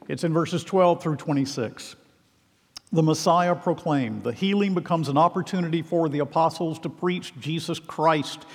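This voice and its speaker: Earnest preacher in a reverberant hall. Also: male voice, fairly high pitch. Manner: earnest, emphatic preaching with pointed questions to the hearers. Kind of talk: sermon.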